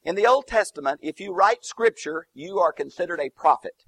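Male Bible teacher, emphatic numbered points, dry close sound, lively pitch. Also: moderate pace, no echo. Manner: explains Greek and Hebrew terms, emphatic lists; lively, swooping emphasis on key words.

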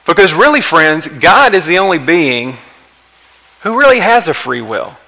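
A man preaching a sermon as pastor, impassioned, building to emphatic peaks and then dropping quiet. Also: fairly high pitch, sing-song, unhurried, rough recording.

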